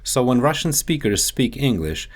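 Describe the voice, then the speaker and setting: A man working as a dialect coach, explaining pronunciation in a deliberate, teacherly way. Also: mid-range voice, big pitch swings, slightly rough. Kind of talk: instructional explanation.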